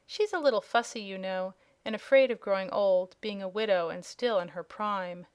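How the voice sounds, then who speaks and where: Casting: woman doing a haughty young dragon, courteous but hungry, smooth clear tone, storybook. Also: mid-range voice, normal speed, close to an everyday voice. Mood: haughty polite. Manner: polite, regretful, slightly haughty. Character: proud young male dragonette, scaly and hungry. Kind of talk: audiobook character voice.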